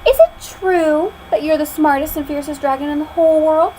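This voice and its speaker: A woman voicing a bold young princess in a read-aloud storybook, sweetly flattering a dragon. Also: sits high, moderate pace, slight background noise, pitched above the performer's own voice, lightly acted, rough recording.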